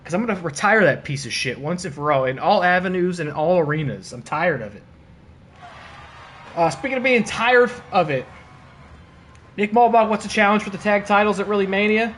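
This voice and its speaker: A man streaming and commentating a wrestling video game, excitable and laughing, with casual swearing and playful trash talk. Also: sits high, moderate pace, a little hiss or hum. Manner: excitable, laughing, bursts of disbelief.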